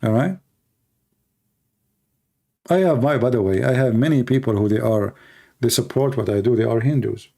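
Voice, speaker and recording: A tired man rambles through an unscripted livestream monologue, combative and mocking. His voice is dark and mellow, sitting at an ordinary male pitch. He sounds worn after hours of talking. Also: normal speed, vocal fry, long pauses. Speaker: livestream host.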